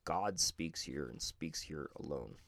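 A man reading aloud the lines of a stern divine teacher urging a warrior to fight, in a measured, solemn way. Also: very deep voice, lively intonation, vocal fry, fairly bright tone, no room sound, heavily acted.

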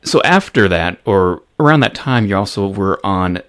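A man's voice: sits low, lively intonation, moderate pace, fairly bright tone. A male interviewer asking short, curious follow-up questions of his guest.

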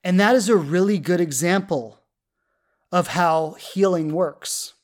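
A woman's voice: on the low side, a little slow, a little mellow. A woman in her thirties, a love coach, telling a personal story in an earnest, heartfelt way, full of fillers and restarts. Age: 30s.

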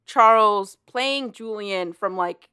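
A woman's voice: medium pitch, slow, sharp tone, clean tone. A woman in casual chat, animatedly retelling a story with laughter and swearing.

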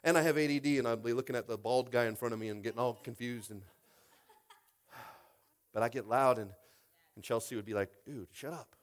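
A male pastor preaching a lively sermon, swinging between quiet asides and loud shouted exhortations, repeating lines and asking the congregation if they are with him. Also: medium pitch, a little fast, pauses often. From United States.

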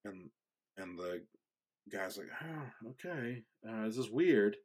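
A man's voice: fairly low pitch, animated, takes it slowly, slightly rough. A man co-hosting a podcast, chatting casually, laughing often and telling jokes. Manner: laughs often, quiet asides. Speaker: podcast co-host. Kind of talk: casual chat, joke telling.

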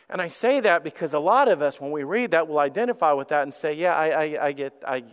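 A man preaching a sermon as lead pastor, animated, acting out quoted prayers and repeating his words. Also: fairly high pitch, fast talker, clean tone, long reverb tail. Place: church sanctuary.

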